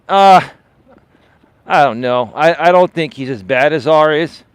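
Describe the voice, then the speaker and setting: A man's voice: fairly high pitch, slow pace, clean tone, no room sound. A man hosting a live coaching stream, talking in a dismissive, emphatic way, repeating words for stress and often asking "right?". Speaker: life and dating coach, live-stream host. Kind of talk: unscripted live-stream monologue.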